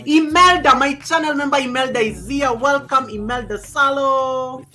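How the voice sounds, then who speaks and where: Loud, lively woman greeting her viewers. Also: high voice, moderate pace. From Kenya. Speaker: livestream host. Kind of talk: casual livestream chat. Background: background music.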